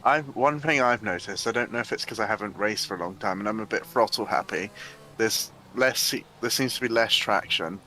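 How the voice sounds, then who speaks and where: A man's voice: on the low side, fairly quick, pushed and bright, faint music behind. A man chatting casually with a teammate while driving in a racing game. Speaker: sim racing driver. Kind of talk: casual chat while gaming.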